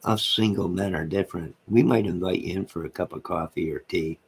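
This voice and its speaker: Low gravelly-voiced man joking with chat. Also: a little fast. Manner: joking, rambling banter. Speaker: livestream host reading chat. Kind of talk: late-night casual chat with viewers.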